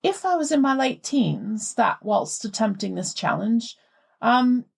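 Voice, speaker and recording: A woman's voice: on the high side, animated, unhurried, gravelly, breathy edge, exaggerated voice. Woman reading as a posh British man. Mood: wry. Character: posh adult British man recounting a mishap. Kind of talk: reading a listener letter aloud.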